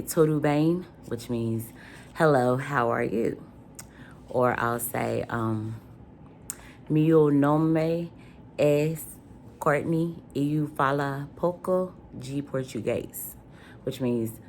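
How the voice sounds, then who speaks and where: Very low-voiced chatty woman vlogger. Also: a little hiss or hum. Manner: chatty, wanders off topic, frequent ums. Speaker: vlogger answering questions. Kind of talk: casual chat.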